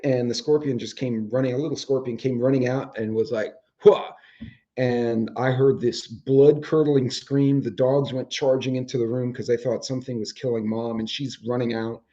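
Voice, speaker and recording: A man's voice: mid-range voice, dark tone, highs cut off. A man, hosting a casual chat show from home, rambling and swearing offhandedly, his voice starting to go. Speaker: host. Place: home, indoors with dogs.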